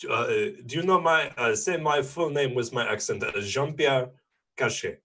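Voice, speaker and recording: A man's voice: medium pitch, normal speed, a bit bright, natural voice. A man voicing a suave male dog noble with a put-on French accent, patiently coaching others on pronunciation in a tabletop game.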